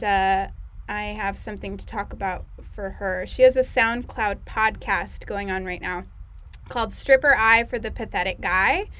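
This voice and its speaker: A woman's voice: mid-range voice, pushed and bright, a little hiss or hum. A woman hosting a comedy livestream in a casual, rambling way, with lots of fillers and giggles. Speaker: host and producer of a comedy show.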